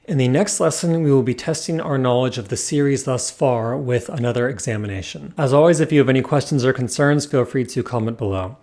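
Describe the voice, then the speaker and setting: A man's voice: medium pitch, a little fast, few pauses, darkish tone. A man teaching a language lesson, explaining rules point by point in a methodical, scripted way.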